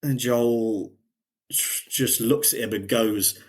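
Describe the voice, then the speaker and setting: A man's voice: mid-range voice, steady tone, slow pace, slightly rough. A man, co-hosting a podcast and casually retelling scenes from a show. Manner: retelling scenes, quoting characters in a lighter voice. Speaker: podcast co-host. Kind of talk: casual chat.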